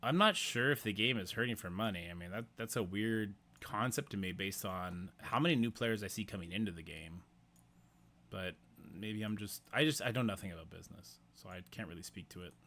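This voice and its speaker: A man's voice: fairly low pitch, brisk, bright, forceful tone. A man streaming a game, out of breath, chatting casually and thinking aloud with self-deprecating asides. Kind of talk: casual live-stream commentary.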